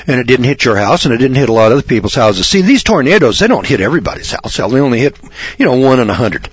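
A man's voice: mid-range voice, big pitch swings, breathy edge, no room sound, dull audio. Blunt sarcastic preacher man. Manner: blunt, sarcastic, rambling, mocking; reads scripture slowly and deliberately. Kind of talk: fire-and-brimstone radio sermon.

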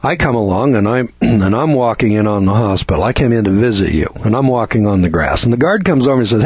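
A man's voice: on the low side, lively intonation, quick pace, darkish tone, slightly rough, no room sound. A man giving a rambling lecture in a blunt, scornful manner, often restarting his sentences. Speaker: seminar lecturer. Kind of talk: folksy lecture. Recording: dull lo-fi recording.

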